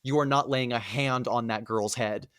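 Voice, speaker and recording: A man voicing a furious queen mother who threatens and curses in a lowered voice. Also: steady tone, normal speed, a bit bright, no echo, studio quality, lightly acted. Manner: low, cursing, threatening.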